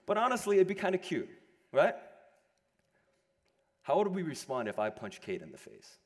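A man's voice: normal speed, long pauses. Young man preaching in a reverberant hall. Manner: animated, swinging between loud emphasis and hushed lows. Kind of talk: sermon. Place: large room with an audience.

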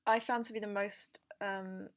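A woman's voice: mid-range voice, flat delivery, unhurried. A woman co-hosting a podcast, talking over a film casually with many restarts and trailing thoughts. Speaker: podcast co-host.

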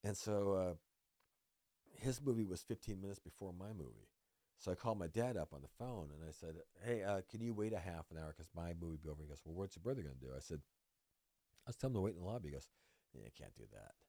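A man in his sixties, a podcast guest, telling animated, profane stories in casual chat and acting out quotes. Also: low-pitched, fast talker, dry recording, studio quality.

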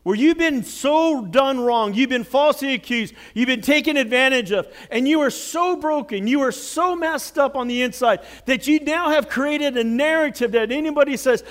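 A man preaching a sermon, telling a Bible story with dramatic swings from loud outbursts to hushed words. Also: extremely high pitch, normal speed, hardly any pauses. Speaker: pastor.

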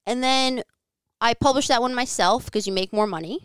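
A woman's voice: a little high, moderate pace, fairly bright tone, clear, resonant tone, no room sound. A woman guest telling a personal story in casual conversation, candid and frank, with plenty of "like" and the odd curse. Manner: frank, profane, filler-heavy with frequent "like". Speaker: podcast guest. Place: home living room.

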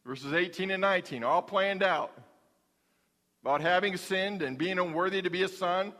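Male pastor, folksy humorous sermon, high pitch, echoing sanctuary. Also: normal speed, bright, forceful tone. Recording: long hall reverb.

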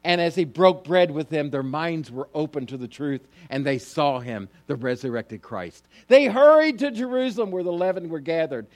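A man's voice: fairly high pitch, sing-song, normal speed, hardly any pauses, a little mellow. A man preaching a sermon as a pastor, telling the story with emphatic, climbing phrases and putting direct questions to his listeners.

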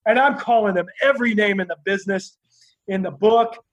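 High-voiced man telling rambling stories. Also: brisk, rough recording. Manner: rambling, animated, many fillers and restarts; laughs while telling stories. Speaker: interview guest, former wrestler. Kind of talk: storytelling in a casual interview.

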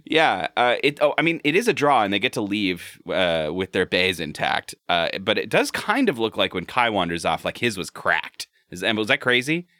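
A man co-hosting a podcast in casual chat, animated, laughing often and swearing. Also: on the low side, moderate pace, few pauses, no room sound, clean studio sound. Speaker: podcast co-host.

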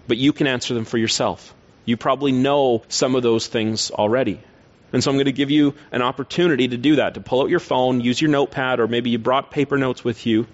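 A man's voice: mid-range voice, highs cut off. A male preacher giving a sermon in an earnest, teacherly way, often posing rhetorical questions.

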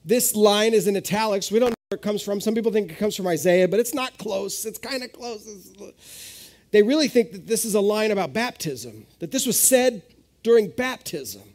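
A man in his thirties preaching a sermon at a live church service, telling stories with sudden jumps in pitch and loudness. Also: normal speed. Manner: animated storytelling with sudden rises in pitch. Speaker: pastor.

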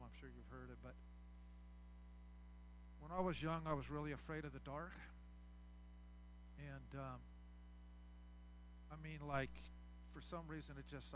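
Pastor guy preaching, pretty high voice, goes loud then real soft and close. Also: a little hiss or hum. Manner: swings from loud preaching to soft, quiet asides. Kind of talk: sermon.

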